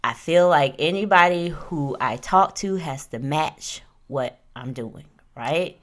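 Brief: young woman host, lively storyteller with a low, swinging voice. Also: slow. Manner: animated, acts out quotes, talks with "like" and "right?". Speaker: podcast host. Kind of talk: casual storytelling chat.

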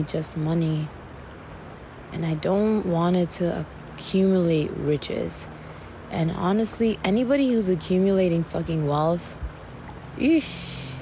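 A woman's voice: on the low side, vocal fry, background noise. A woman hosting a podcast, speaking an earnest, meandering monologue while on a mushroom trip, with sighs and the odd swear word. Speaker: podcast host. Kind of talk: spoken reflective monologue.

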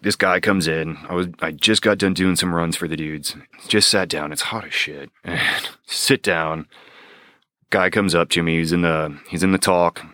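A low-pitched man with a bright, forceful tone, recorded dry and close. He tells his army stories in a loose, profane way and jumps up in pitch whenever he acts out what someone said. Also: steady tone, moderate pace, dry recording. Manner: profane, laid-back, acts out quotes in a raised voice. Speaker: guest, army veteran sniper. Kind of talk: casual storytelling in a podcast chat.

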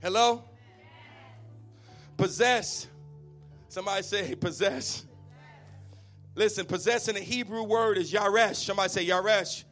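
A man's voice: sits high, a little slow, long pauses, fairly bright tone, soft background music. A man preaching a charismatic sermon, chanting lines and calling on the congregation to repeat after him. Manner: fiery, chanting, repeats calls to the crowd.

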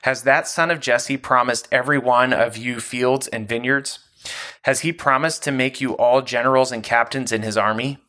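A man's voice: mid-range voice, fairly even intonation, moderate pace, bright, forceful tone, lightly acted. A man reading as an angry, accusing king. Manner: accusing, raised voice.

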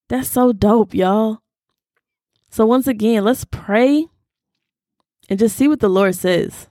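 Slow and pausing often, a young woman with a slightly high voice teaches the Bible on her podcast in studio-quality audio without echo. She's animated and preachy in a conversational way, using slangy Southern "y'all."

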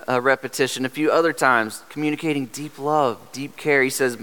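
Earnest preacher in a reverberant sanctuary. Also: male voice, fairly high pitch, steady tone, brisk, a bit bright, clear, resonant tone. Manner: earnest preaching with rhetorical questions. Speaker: pastor. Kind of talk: sermon. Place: church sanctuary. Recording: long hall reverb.

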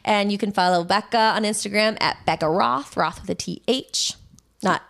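A young woman co-hosting a podcast in casual chat, playful and quick to laugh. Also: medium pitch, vocal fry, fairly bright tone. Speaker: podcast co-host.

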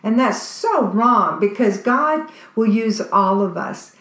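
A woman's voice: fairly high pitch, expressive, slow, a bit bright. A woman preaching a sermon in a conversational, earnest way. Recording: roomy echo.

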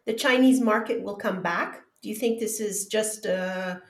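A woman's voice: medium pitch, a little slow. A woman hosting a podcast interview, asking questions in an encouraging way with short affirmations. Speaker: podcast host. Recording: echoey room.

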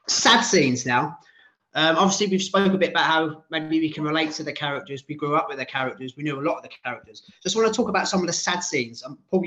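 A man in his late thirties hosting a casual podcast chat, talking in an animated way with frequent laughs. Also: on the high side. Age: 30s. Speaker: podcast host. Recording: dull lo-fi sound.

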